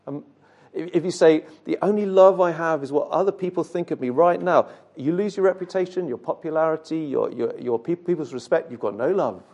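A man delivering a sermon in an earnest, direct way, often asking his listeners questions. His voice sits a little high for a man but sounds mellow and warm. Now and then he trips over a word and repeats it. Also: a little fast. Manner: earnest, direct address to congregation with rhetorical questions; occasional stumbles and repeated words. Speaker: preacher.

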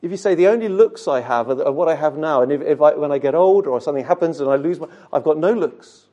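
A man's voice: on the high side, fast talker, warm tone, highs cut off. A man preaching a sermon, speaking earnestly and directly to his listeners with rhetorical questions and occasional repeated words.

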